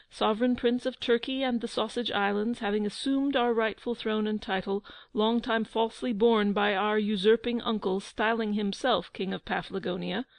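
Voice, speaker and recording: Storybook herald, formal and declaiming, raised and a touch high, voiced by a woman. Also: no echo, lightly acted, poor audio. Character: herald reading a royal proclamation.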